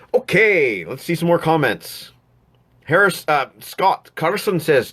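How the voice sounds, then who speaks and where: A man's voice: on the low side, a bit bright. Rambling man reading chat comments. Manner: rambling, frequent restarts and fillers. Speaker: live stream host.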